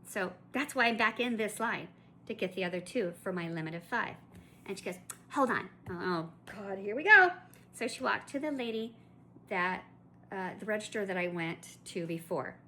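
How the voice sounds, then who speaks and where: Bright-voiced woman ranting through a story. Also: medium pitch, expressive, normal speed, a little hiss or hum. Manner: chatty and indignant, with restarts and asides. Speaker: collector vlogger.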